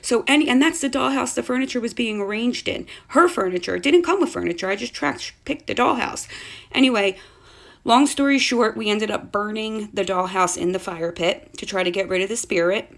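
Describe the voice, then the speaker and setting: A woman recounts a ghost story from her own home in a loose, conversational way. She is chatty and animated and keeps adding asides as she goes, her voice sitting at an ordinary middle pitch. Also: a little fast, creaky. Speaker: mother telling a personal ghost story. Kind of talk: casual storytelling to camera.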